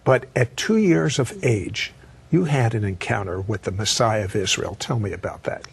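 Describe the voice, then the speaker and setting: A man hosting an interview, asking probing questions in an animated way. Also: fairly low pitch, moderate pace, vocal fry, breathy edge. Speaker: interview host.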